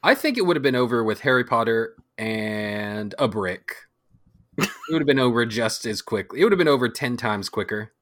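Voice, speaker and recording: Bright, lively male podcast host. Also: mid-range voice, no echo, clean studio sound. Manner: joking, lively, quick to laugh. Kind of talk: casual podcast banter.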